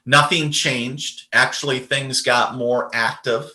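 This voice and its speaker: A man's voice: mid-range voice, steady tone, slow, pushed and bright, echoey room. A man, a podcast guest and medium, telling a personal story in a casual, rambling way with lots of fillers and restarts.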